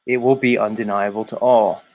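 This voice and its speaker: A man's voice: lowish voice, fairly even intonation, moderate pace, a little mellow. A man hosting a daily live stream, reading viewer comments aloud and teasing commenters by name in a rambling, casual way. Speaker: livestream host reading chat.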